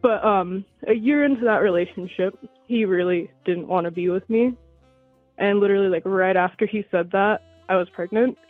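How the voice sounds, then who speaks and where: A woman's voice: mid-range voice, moderate pace, dry recording, faint music behind. Young female caller on a tinny phone line, breathless, rambling, dry sound. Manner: rambling, frequent "like" fillers. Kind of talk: casual phone call.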